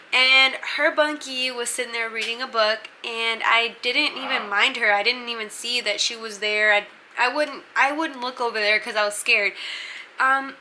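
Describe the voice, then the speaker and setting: A woman's voice: on the high side, pushed and bright, a little hiss or hum. A young woman telling a casual storytime as a vlogger, chatty and full of "like" fillers.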